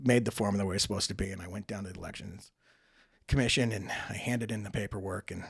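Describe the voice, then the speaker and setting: Husky man telling a story, chatty. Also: on the low side, fairly even intonation, fast, no room sound, studio quality. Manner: chatty, acts out quoted dialogue, frequent "right?" tags. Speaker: podcast guest, political candidate. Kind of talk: casual anecdotal storytelling.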